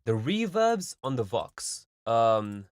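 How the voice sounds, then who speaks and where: A man's voice: medium pitch, big pitch swings, slow, no room sound. A man hosting a live stream, giving casual, rambling music feedback full of fillers and vivid analogies.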